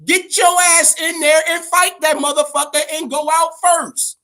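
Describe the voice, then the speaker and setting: A man's voice: extremely high pitch, fairly even intonation, unhurried, voice pushed up, heavily acted. A man voicing a boxer's angry mother who scolds her son down the phone. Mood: scolding. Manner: shouting, scolding.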